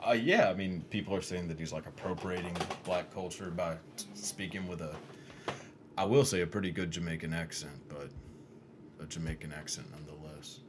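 A man with a very low voice chatting casually with friends in a laid-back, joking manner and plenty of swearing. Steady background noise sits under his voice throughout. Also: brisk. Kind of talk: casual chat.

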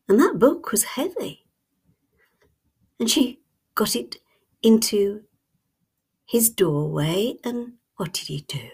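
A woman tells a storybook tale in whispered storytelling ASMR, her voice hushed and husky. She speaks extremely slowly with long lingering pauses, and a gravelly fry runs underneath her words. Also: medium pitch.

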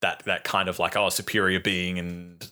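A man chatting casually about a film, animated, swearing freely and acting out lines from scenes. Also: low voice, normal speed, clean tone.

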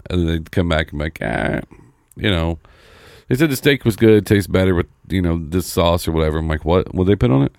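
A man in a casual podcast chat, rambling and halting as he restarts his sentences, on a studio mic. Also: deep voice, clear, resonant tone, no echo.

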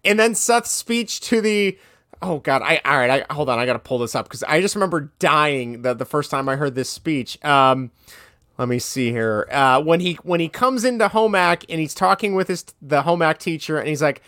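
A woman's voice: deep voice, lively intonation, moderate pace, fairly bright tone, no echo, studio quality. A woman co-hosting a casual chat about a movie, rambling, quoting scenes and searching her notes aloud. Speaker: podcast co-host.

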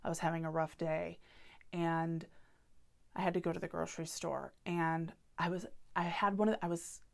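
Woman, thirties, podcast host, earnest, vulnerable, heartfelt, lowish voice. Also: fairly even intonation, moderate pace, gravelly. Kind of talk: candid solo podcast talk.

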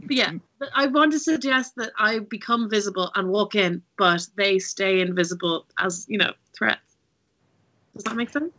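A woman's voice: mid-range voice, moderate pace, bright, forceful tone, low-quality recording. A woman playing a tabletop game who stumbles over her words and giggles often. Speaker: player. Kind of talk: casual game chat.

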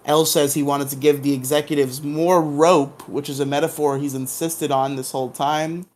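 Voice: medium pitch, little pitch movement, moderate pace, a little mellow. A podcast co-host giving a casual, playful recap of a drama episode, humming dramatic sound effects and laughing along the way.

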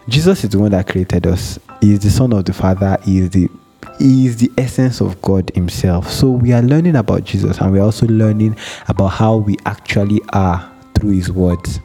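A man's voice: fairly low pitch, warm tone. A man hosting a devotional show, teaching earnestly, often repeating his phrases, and leading a prayer. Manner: earnest, repeats phrases, acts out a phone call. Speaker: devotional podcast host.

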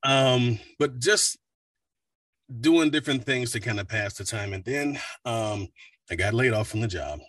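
A man's voice: medium pitch, unhurried, no echo, distant mic. A man, a voice actor, chatting casually in an interview, telling stories with plenty of fillers. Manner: relaxed, rambling storyteller with fillers. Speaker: voice actor guest.

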